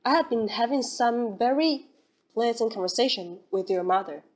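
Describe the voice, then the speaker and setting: A woman voicing a courteous, formal young gentleman in an audiobook, speaking with polite restraint. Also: fairly high pitch, expressive, normal speed.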